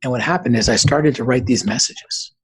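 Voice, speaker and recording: A man's voice: medium pitch, a little fast, husky, low-quality recording. A man in his forties, a podcast guest, telling a personal story in an earnest, emphatic way.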